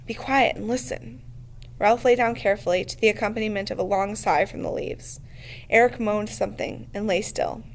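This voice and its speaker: Steady female reader for novel narration, mid-pitched and measured. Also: slight background noise. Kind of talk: reading a novel aloud.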